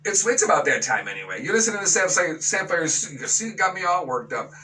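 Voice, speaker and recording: Man, radio host, high voice, outraged sarcastic rant, slightly off-mic. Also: sing-song, fast talker, pushed and bright, recorded from a distance, slight background noise, poor audio. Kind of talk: opinion talk radio monologue.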